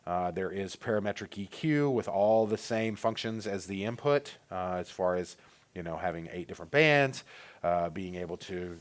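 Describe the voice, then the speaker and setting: A man with a low, deep voice walks through audio software settings in a loose, conversational way. He talks casually and fills gaps with "uh" and "you know" as he explains each screen. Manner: relaxed, filler-heavy explaining. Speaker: presenter of a training webinar. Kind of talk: casual technical walkthrough.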